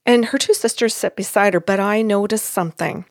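A woman's voice: medium pitch, fairly quick, dry recording, studio quality. A woman who works as a psychic medium, recounting a session in casual chat and acting out the others' words. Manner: animated, acts out quotes of others.

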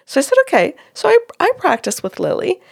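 A woman with a gravelly, fry-laden voice tells a story from a reading. She acts out each quote with animation. The sound is dry and close. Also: high voice, quick pace, no room sound. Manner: animated retelling, acting out quotes. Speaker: psychic medium. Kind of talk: storytelling in a conversation.

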